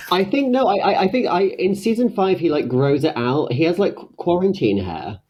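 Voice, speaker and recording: A man on a podcast panel, joking in casual chat with lots of halting restarts. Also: sits high, big pitch swings, breathy edge, dull audio.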